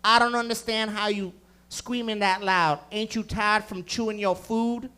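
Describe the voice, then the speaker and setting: A man's voice: high voice, steady tone, a little slow, bright, forceful tone, smooth. A man voicing his young male roommate, drawling and mocking in a stand-up bit. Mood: teasing. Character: laid-back young male roommate, teasing.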